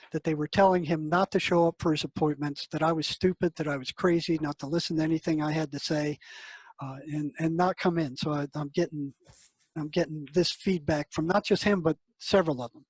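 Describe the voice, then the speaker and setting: Husky higher-pitched older man telling a story. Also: no echo, poor audio. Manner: casual, conversational, acts out quoted dialogue. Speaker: psychotherapist guest. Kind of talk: storytelling interview answer.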